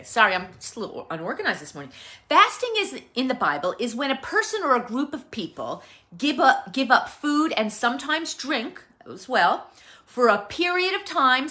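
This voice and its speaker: A woman gives a Bible teaching in a relaxed, chatty way, pausing on fillers and restarting her sentences. Her voice is bright and rather high, and her pitch swings widely as she talks. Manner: conversational, with many fillers and restarts. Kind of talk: casual teaching sermon.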